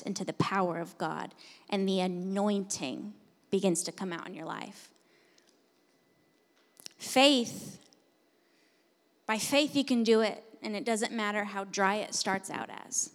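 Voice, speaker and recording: A woman pastor preaching a sermon, moving between hushed, intimate passages and loud, forceful declarations. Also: medium pitch, a little slow. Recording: long hall reverb.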